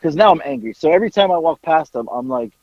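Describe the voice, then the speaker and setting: A man on a podcast telling a casual story, animated, acting out bits of dialogue and swearing casually. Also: a little high, fast, no room sound, highs cut off. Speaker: podcast co-host.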